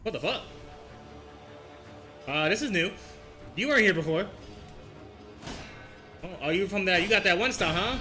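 A man giving excitable gameplay commentary, trash-talking and yelling at the enemies he fights. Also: high-pitched, moderate pace, pauses often, soft background music. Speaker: gaming video host.

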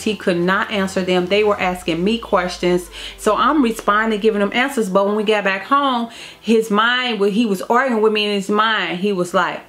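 A woman's voice: medium pitch, fairly bright tone. A woman telling a personal family story to her vlog viewers in a candid, emotional way, often repeating phrases. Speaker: vlogger. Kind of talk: casual storytime to camera.

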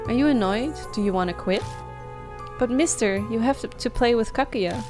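A woman's voice: a little high, moderate pace, voice pushed up, lightly acted. A woman voicing an eerie, playful ghost girl who teases in a gleeful singsong over game music. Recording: game music playing behind.

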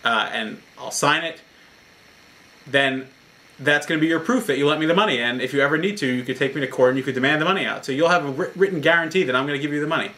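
A man's voice: a little high, fast talker, bright, forceful tone, poor audio. A man voicing a dishonest male villager who eagerly talks his way into a loan. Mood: persuasive. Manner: eager, persuasive.

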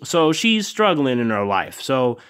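Guy chatting about a tv episode, swears a lot, laughs at it, mid pitch. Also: big pitch swings, a little slow, fairly bright tone, clear, resonant tone. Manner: profane, laid-back, laughs a lot, acts out characters' lines. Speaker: TV show reviewer and channel host. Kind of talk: casual vlog review chat.

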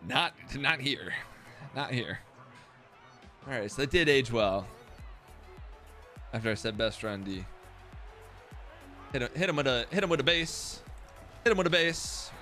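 A young man giving loud, profane, self-mocking commentary while streaming a football video game. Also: medium pitch, expressive, unhurried, long pauses, faint music behind. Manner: profane, self-mocking trash talk with sudden outbursts. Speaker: gaming streamer. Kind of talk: live gameplay commentary.

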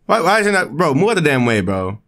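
A young man giving excited, slangy commentary while playing a video game, jumping up in pitch when he reacts. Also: fast talker. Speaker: gaming video creator. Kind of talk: excited let's-play commentary.

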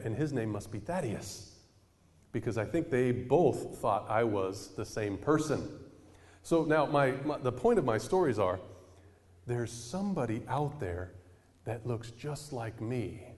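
A man preaching a sermon in a casual storytelling way, acting out the people in his anecdotes. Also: mid-range voice. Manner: animated storyteller, acting out quoted voices. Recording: reverberant hall.

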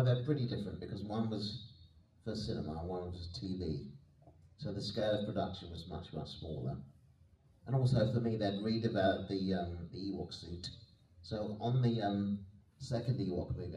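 Male panel guest, low pitch, mellow tone, easygoing storyteller; roomy hall sound, distant mic. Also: moderate pace. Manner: chatty, self-deprecating, laughs often. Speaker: guest actor on a convention panel. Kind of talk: anecdotal panel Q&A. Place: convention hall.

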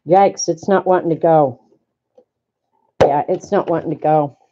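A woman talks viewers through a craft machine in her home craft room, thinking out loud and growing flustered. Her voice is mellow and a little dark. The recording sounds slightly dull and lo-fi. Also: sits low, a little slow. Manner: chatty, flustered, thinking aloud. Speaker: crafter demonstrating a die-cutting machine. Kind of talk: casual craft demonstration to viewers.

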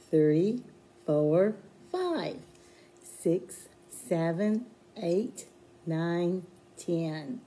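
A children's librarian leading a sing-along storytime for babies, slow, sing-song and encouraging as she sings nursery rhymes and reads. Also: mid-range voice, warm tone.

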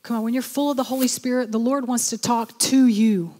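Lady pastor preaching, kinda high voice, keeps urging folks on, big echoey church sound. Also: fairly even intonation, fairly quick, darkish tone. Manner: exhorting, repeats "come on". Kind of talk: sermon.

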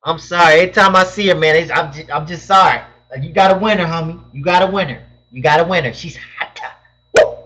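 High-voiced slangy young man on a stream. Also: fast talker, hardly any pauses, bright, forceful tone. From Southern California. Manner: loose slangy banter, reads chat questions aloud. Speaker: live stream host answering chat questions. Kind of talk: casual live-stream chat. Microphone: webcam mic. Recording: dull lo-fi webcam audio.

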